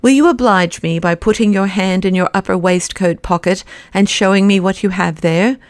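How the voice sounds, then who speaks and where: A woman reading the part of a huge, commanding male anarchist president, brisk and mockingly courteous. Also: medium pitch, dry recording, clean studio sound, lightly acted.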